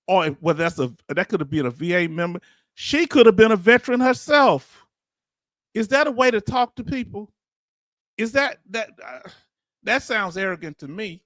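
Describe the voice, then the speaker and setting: Guy running a live commentary stream, high bright voice, slangy and fired up, dry sound. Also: moderate pace, no echo. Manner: animated and preachy, calls on viewers; casual slangy speech. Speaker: channel host. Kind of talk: livestream commentary talking to chat.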